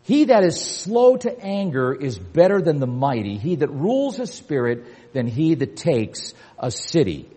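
An older man preaching a sermon with emphasis, repeating key words and building to forceful peaks. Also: a little high, very animated, a little slow, hardly any pauses, breathy edge. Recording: long hall reverb.

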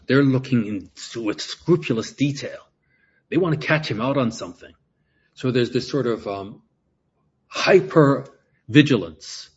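A man's voice: lowish voice, slightly rough, muffled recording. A man teaching a Bible passage verse by verse, explaining Greek words and often repeating himself as he works through a point.

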